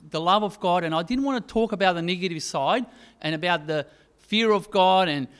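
A man preaching a sermon, telling a story with many pauses and fillers. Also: on the high side, a bit bright, clean tone.

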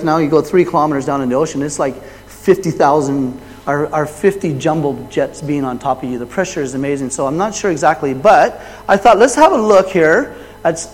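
Guy preaching a bible story, gets loud on the quotes then drops low, kinda high voice, big hall echo. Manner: animated, rising loud for quoted lines, dropping low for asides. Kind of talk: sermon retelling a Bible story. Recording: long hall reverb.

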